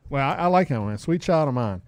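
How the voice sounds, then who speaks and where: Excitable laughing man, dry close mic. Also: a little high, no room sound. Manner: excitable, emphatic, quick to laugh. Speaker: podcast co-host. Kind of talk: casual podcast chat.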